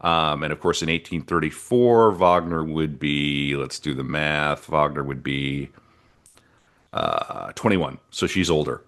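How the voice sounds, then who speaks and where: A man with a deep, low-pitched voice talks through a history podcast in a casual way. He rambles, reads bits from his notes and drifts into side comments. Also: expressive, unhurried, fairly bright tone. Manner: chatty and rambling, reads from notes, breaks off into asides. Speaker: podcast co-host presenting the history.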